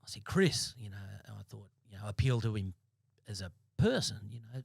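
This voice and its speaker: Aussie guy in his 50s, ex-cop guest, blunt and choppy, keeps restarting, fairly low voice, dead dry studio sound. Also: gravelly, darkish tone, husky, no echo. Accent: Australian. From Australia. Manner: blunt, halting, repeats and restarts words. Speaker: former police sergeant, podcast guest. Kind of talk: interview storytelling. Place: podcast studio.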